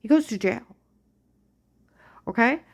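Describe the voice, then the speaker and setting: A woman giving an agitated personal monologue, ranting and swinging between loud outbursts and hushed whispers. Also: on the high side, lively intonation, takes it slowly, vocal fry.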